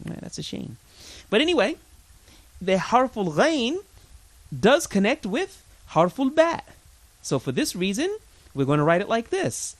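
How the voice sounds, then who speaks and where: A man teaching an Arabic lesson, patiently drilling pronunciation with lots of repetition, chatty and informal with his learners. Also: sits high. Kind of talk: recorded language lesson.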